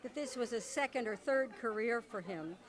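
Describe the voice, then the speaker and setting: A woman with a fairly high voice reminisces chattily in an interview. A busy crowd is heard behind her. She laughs easily. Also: animated, moderate pace. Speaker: soap opera actor.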